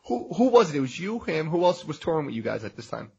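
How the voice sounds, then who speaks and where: Very raspy, lively-voiced man host. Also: a little high, fast. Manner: eager, asks short questions. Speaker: podcast host. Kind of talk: casual podcast interview. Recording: dull lo-fi sound.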